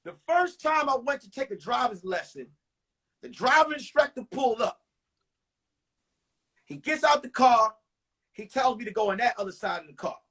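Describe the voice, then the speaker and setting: A comedian tells a blunt, profane story. His voice is unusually high for a man and husky. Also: expressive, normal speed, pauses often, sharp tone. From New York. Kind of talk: stand-up storytelling.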